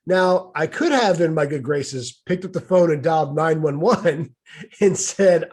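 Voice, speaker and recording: A man's voice: a little high, lively intonation, moderate pace, darkish tone. A middle-aged man telling a personal story in a casual, wry, exasperated way.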